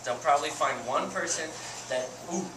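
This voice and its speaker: A man who keeps animals, giving a chatty, animated educational talk to a group and laughing often. He is recorded from a distance with loud surroundings behind him. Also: a little high, normal speed, noisy background. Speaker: animal keeper. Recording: echoey and distant with loud ambience.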